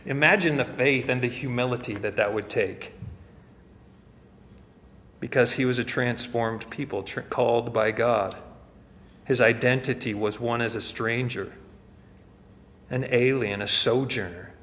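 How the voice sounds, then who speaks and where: A man's voice: medium pitch, measured pace, pauses often, fairly bright tone, in a large hall. A man preaching a sermon as pastor, earnest and rising to fervent emphasis.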